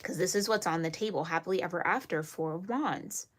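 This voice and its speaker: A woman's voice: on the low side, brisk. A woman giving a spoken tarot reading to her viewers. She is earnest and emphatic, scolds playfully, repeats phrases to reassure and laughs often. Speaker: tarot reader.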